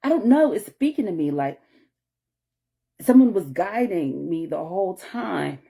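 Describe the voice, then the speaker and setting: A woman's voice: lowish voice, big pitch swings, measured pace, gravelly, dark tone, slightly rough. A woman talking through an emotional personal story in a rambling vlog, with many restarts and apologies and moments of tearfulness. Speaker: vlogger.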